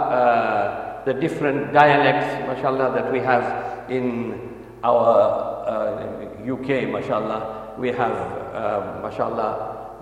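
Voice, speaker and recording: A man teaches a religious class in a halting, stop-start way, full of fillers and borrowed Arabic terms, with the odd joke. His voice sits at an ordinary middle pitch. It is picked up from a distance in a large hall that rings with a long echo. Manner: halting, many fillers and restarts, mixes in Arabic and Urdu terms; light humorous asides. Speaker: Islamic teacher. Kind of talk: classroom lecture on Quran recitation. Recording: echoey hall, voice picked up from far off.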